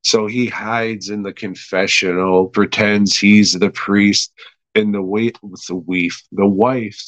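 Casting: unhurried male podcast host, crude and rambling, dry close mic. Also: lowish voice, steady tone, fairly bright tone, no echo, highs cut off. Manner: profane, rambling, laughing recap. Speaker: podcast host reviewing an episode. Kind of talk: casual chat.

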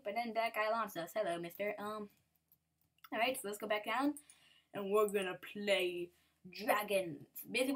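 A woman's voice: mid-range voice, fairly bright tone. A woman giving casual game commentary, giggly and rambling, with playful sing-song bits. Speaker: gameplay commentator.

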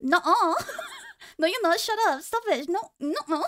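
A woman's voice: very high voice, expressive, normal speed, no echo. A young woman streamer chatting casually with her viewers in a playful, teasing way, laughing often.

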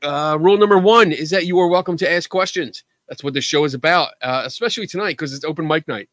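A man's voice: fairly high pitch, quick pace, fairly bright tone, no echo. A man hosting a live call-in show, chatting casually in a joking, self-deprecating way. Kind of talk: casual livestream chat.

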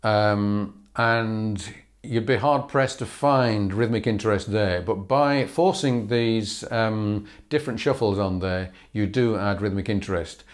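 A man teaching fiddle bowing in a relaxed way, pausing with ums and humming rhythms as syllables. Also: on the low side. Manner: thinking aloud with frequent ums, sings bowing rhythms as syllables. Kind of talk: relaxed instructional talk.

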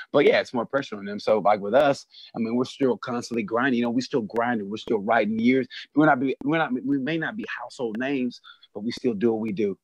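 An animated man in casual conversation, a comedian talking over a video call. His voice is mid-pitched and swings freely, with frequent repeated words. The sound is dry and close. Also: dry recording, muffled recording. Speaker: comedian guest. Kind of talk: casual chat.

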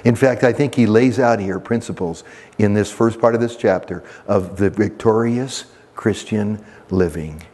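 A male pastor preaching a verse-by-verse sermon in a church, emphatic and repetitive, swinging between soft and animated delivery. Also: lowish voice, measured pace.

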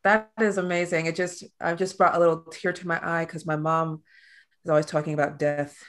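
A woman moderating a virtual panel conversation, effusive and expressive as she reacts to her guests. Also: sits low, a little fast. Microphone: video call.

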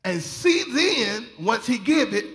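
A man preaching a sermon in a folksy style, laughing often and rising to shouted fervor. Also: extremely high pitch, big pitch swings, slow pace. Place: church sanctuary.

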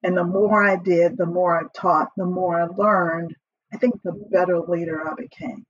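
A middle-aged woman with a slightly husky voice chats as a guest on a podcast. She tells her stories with laughter and acts out her old lines. The sound is dry and a little dull. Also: lowish voice, normal speed, no echo. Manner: lively, laughs often, acts out her own quotes. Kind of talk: casual storytelling interview.

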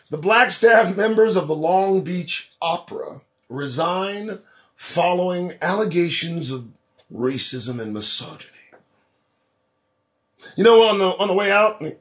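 A man hosting his own show, delivering a profane, preachy political monologue that swings between loud emphasis and low asides. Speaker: host.

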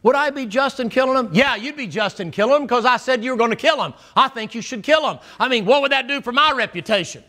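Folksy storytelling pastor with a high tenor, animated sermon delivery. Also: male voice, fast talker, few pauses.

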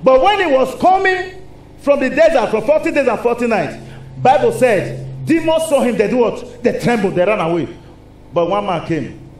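A man with a Nigerian accent preaching a lively sermon in a church, asking the congregation rhetorical questions. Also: very high-pitched, moderate pace. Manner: animated, call-and-response preaching with rhetorical questions. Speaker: pastor. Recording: echoey hall with faint noise.

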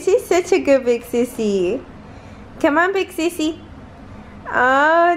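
A mother films her little ones at home in a casual family vlog. Her voice sits high and her words come slowly and sing-song as she coos at them. She laughs easily between phrases, with a light hiss in the background. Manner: sing-song baby talk to her toddlers; laughs often while talking. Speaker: mother filming her children.

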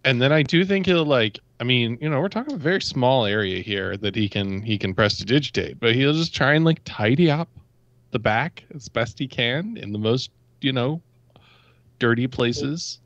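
A man's voice: medium pitch, expressive, normal speed, a bit bright, no echo. A man playing a tabletop game who speaks in a dry, wry way and repeats himself as he thinks aloud. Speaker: player. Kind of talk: casual tabletop play. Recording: dull lo-fi mic.

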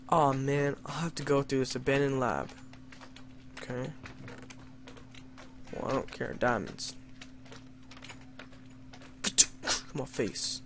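A man's voice: mid-range voice, fairly even intonation, slow, long pauses, fairly bright tone, slight background noise. A young man doing let's play commentary, reading story lines in a mock-dramatic tone and joking wryly at himself. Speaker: gamer playing an adventure map.

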